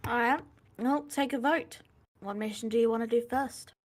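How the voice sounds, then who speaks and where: A woman running a tabletop role-playing game, narrating scenes and asking players for decisions in a relaxed manner. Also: a little high, moderate pace. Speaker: game master.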